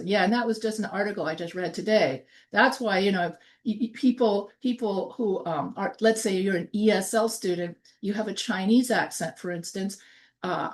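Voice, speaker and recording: A woman with a New York accent, a college instructor giving a recorded online lecture and explaining in short phrases, partly reading from notes. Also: mid-range voice.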